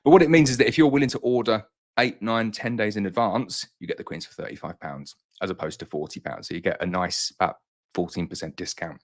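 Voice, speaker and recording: Fielding viewer questions during a casual live-stream chat, a beekeeper who runs a honey business sounds a little breathless yet reassuring. His voice is fairly low and he talks fast.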